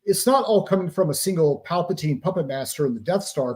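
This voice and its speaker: A man's voice: a little high, animated, a little fast. A man being interviewed as an author, explaining psychological operations in a lecturing way with pop-culture analogies.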